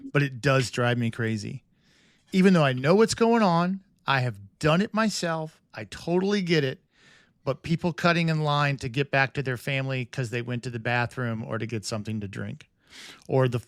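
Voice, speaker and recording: A man with a slightly raised pitch rambles through a pet peeve, second-guessing himself and firing off rhetorical questions. The sound is dry and close to the mic. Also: no echo. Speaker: podcast co-host. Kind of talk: casual chat.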